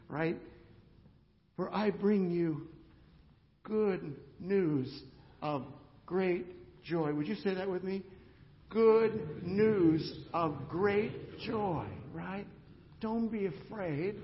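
An older male pastor preaches with a gravelly, slightly high voice, swinging from loud emphasis down to hushed, near-whispered lines. The sound is dull and carries a long church reverb. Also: a little hiss or hum. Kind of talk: sermon. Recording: dull hall recording with reverb.

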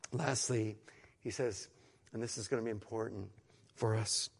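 A middle-aged man preaching a sermon to an online congregation in an earnest way, moving from hushed, slow phrases to emphatic, louder ones and repeating words as he goes. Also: fairly low pitch, gravelly, breathy edge, in a large hall. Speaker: pastor.

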